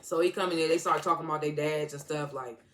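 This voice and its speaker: Rambling man recapping an episode, higher voice. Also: fairly even intonation, fast, bright, forceful tone. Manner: rambling, heavy use of "like", restarts; slangy, informal grammar. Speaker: TV episode reviewer.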